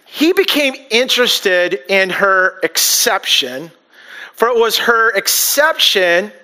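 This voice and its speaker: Male pastor, high and forceful voice, casual joking sermon delivery. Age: adult, married. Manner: conversational and joking, with frequent restarts.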